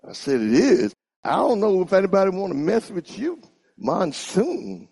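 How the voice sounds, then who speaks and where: Preacher guy giving a sermon, gravelly husky voice, swings up and down a lot, gets the crowd to repeat after him. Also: on the high side, normal speed. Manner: animated, call-and-response with congregation.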